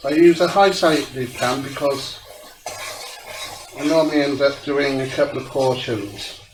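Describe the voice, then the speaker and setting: A young man chatting casually as he cooks at home, explaining each step of his recipe. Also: medium pitch. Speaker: home cook. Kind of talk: casual cooking tutorial. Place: home kitchen. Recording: echoey kitchen from far off, noisy.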